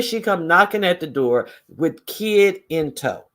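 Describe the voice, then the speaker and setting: Animated, sarcastic high-voiced man. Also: unhurried. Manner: animated, profane, sarcastic storytelling. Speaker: vlogger. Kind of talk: casual gossip commentary.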